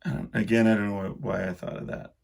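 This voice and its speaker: A middle-aged man hosting a podcast, rambling through a casual solo monologue in a self-deprecating way, full of halting restarts. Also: on the low side, fairly even intonation, gravelly, darkish tone. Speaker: podcast host.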